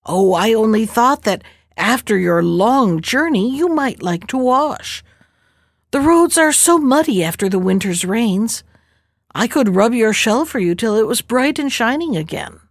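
A clever young bride from a storybook, sly and coaxing when she speaks, as a woman reads her. The voice sits high and bright in pitch with lively swings. It is recorded dry and close. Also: a little slow, no room sound.

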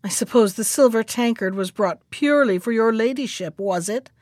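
A woman's voice: a little high, normal speed, a little mellow, dry recording, clean studio sound, close to an everyday voice. A woman voicing a rude, proud young woman with a pert, sneering manner. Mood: disdainful. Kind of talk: storybook reading.

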